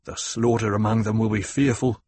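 Man voicing brooding warrior-minstrel, growling, husky, low, dry audiobook read. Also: little pitch movement, normal speed, darkish tone, no echo. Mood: gloomy. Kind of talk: audiobook character voice.

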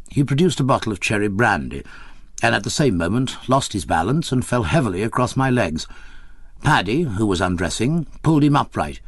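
A man reading a memoir aloud as an audiobook narrator, measured and expressive. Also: fairly low pitch, slightly rough, no echo, studio quality.

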